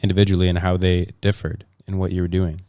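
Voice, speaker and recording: A man with a Toronto accent, hosting a casual podcast chat in a jokey, relaxed way with plenty of fillers. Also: deep voice, fast, no room sound. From Montreal, Canada. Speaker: podcast host.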